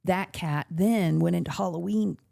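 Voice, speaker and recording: Host, woman. Low, gravelly voice. Casual, animated storytelling with swearing and laughter. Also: moderate pace. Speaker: podcast host.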